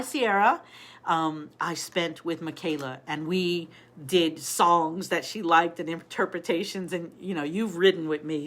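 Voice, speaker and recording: This is a middle-aged woman telling stories on a casual live stream, with a voice that sits a little low for a woman. She talks in a chatty, animated way, greets her viewers by name and laughs easily as she goes.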